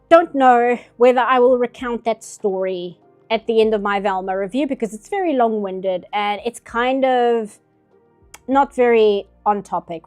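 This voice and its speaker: A woman's voice: mid-range voice, a little mellow. A woman streaming her art, ranting in casual, opinionated chat.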